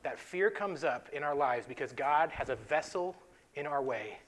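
Animated man telling a faith story. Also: fairly high pitch, normal speed. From North Dakota. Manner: animated storyteller, laughs often. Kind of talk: faith-based podcast chat.

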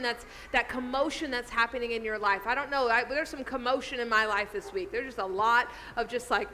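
A woman pastor giving a lively, conversational sermon, talking to the congregation in a church hall. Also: on the high side, a little hiss or hum. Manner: animated, conversational preaching.

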